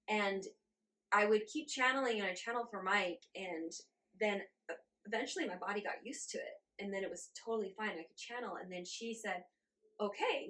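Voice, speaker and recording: A woman in her forties, a guest in an interview, telling her story in a lively way, laughing often and acting out her own reactions. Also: mid-range voice. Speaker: guest channeler.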